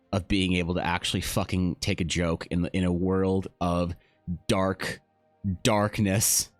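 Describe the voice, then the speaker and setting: A man chatting casually on a live stream while drawing, joking and swearing with self-mocking humor. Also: low-pitched.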